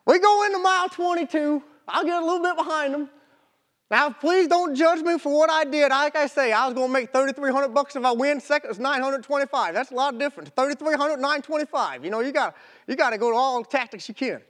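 A young man, a marathon runner, telling a personal story in an animated, folksy way with casual grammar. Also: very high-pitched, fast. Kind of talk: storytelling talk.

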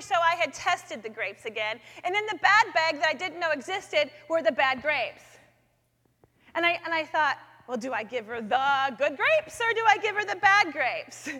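A woman speaking in a chapel, sharing a personal faith story with lively storytelling in which she acts out her own thoughts. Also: very high voice. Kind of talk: personal testimony talk. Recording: long echoey hall reverb.

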